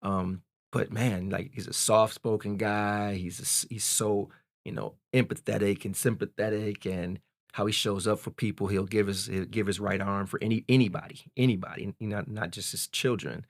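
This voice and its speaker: Male guest, 40s, low-leaning dry voice, casual animated storyteller. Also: moderate pace, dry recording. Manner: candid, animated retelling, peppered with "man". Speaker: podcast guest.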